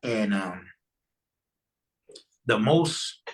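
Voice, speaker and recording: A man's voice: lowish voice, expressive, very slow, low-quality recording. Earnest man telling a personal story. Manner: earnest, conversational, with frequent restarts. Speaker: podcast guest.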